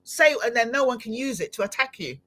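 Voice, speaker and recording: A woman hosting a live-streamed podcast interview, talking in an animated, exclamatory way with frequent laughter. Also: fairly high pitch, fast talker. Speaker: podcast host.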